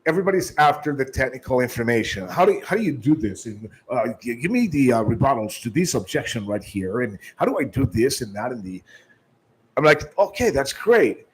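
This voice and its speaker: A man's voice: medium pitch, animated, brisk, slightly rough, rough recording. Emphatic man giving sales training. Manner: emphatic, shifts tone and volume to demonstrate; restarts often.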